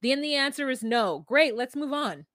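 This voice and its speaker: A woman's voice: sits high, normal speed, no echo, studio quality. A woman co-hosting a podcast, casually recapping a reality show and acting out the people she quotes. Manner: animated, acts out quoted people. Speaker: podcast co-host.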